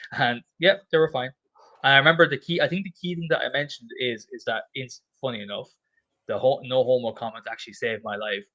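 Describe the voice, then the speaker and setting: A man's voice: mid-range voice, fairly even intonation, a little fast, bright, forceful tone, dull audio. A man from Ireland with an Irish accent, telling a rambling story in casual chat and swearing freely.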